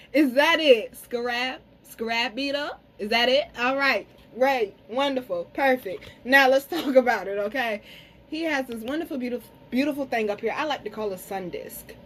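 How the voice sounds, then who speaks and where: A woman giving a casual card reading to camera, talking frankly to her viewers, cursing freely and slowing down to say some words carefully. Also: sits high, fairly bright tone, husky, low-quality recording. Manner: frank, chatty, curses freely, addresses viewers as y'all. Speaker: tarot and spiritual reader.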